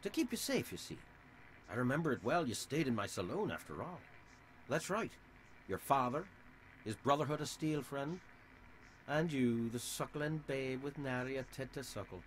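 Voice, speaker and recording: An actor with an Irish accent playing a sly, theatrical middle-aged saloon owner in a video game. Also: male voice, mid-range voice, expressive, moderate pace, a little hiss or hum, close to an everyday voice. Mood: smug. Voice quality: theatrical, smug and oily.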